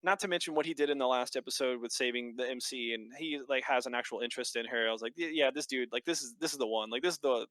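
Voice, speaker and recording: A man's voice: medium pitch, no room sound. A man co-hosting a podcast, casually recapping a show with lots of fillers and swearing. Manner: animated, quick storytelling with lots of fillers and swearing. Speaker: podcast co-host. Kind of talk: casual chat.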